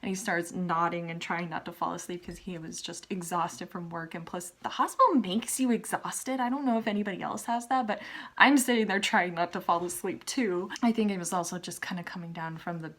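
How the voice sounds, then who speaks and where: A young woman vlogger telling a personal story in a chatty, animated way, acting out what others said. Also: fairly low pitch, fairly quick. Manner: chatty and animated, acting out quoted people, frequent "like". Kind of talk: casual storytelling vlog.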